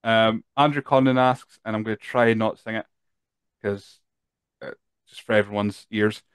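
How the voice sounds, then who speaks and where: A man's voice: on the low side, steady tone, moderate pace, smooth, dry recording. A Scottish man hosting a podcast, chatty and tired, reading out listener questions with lots of fillers. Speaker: podcast host. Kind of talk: casual chat.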